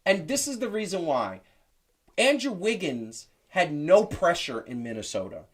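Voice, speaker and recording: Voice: mid-range voice, a little slow, slightly rough. A host on a casual sports talk show, arguing his points emphatically. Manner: emphatic, animated, argumentative.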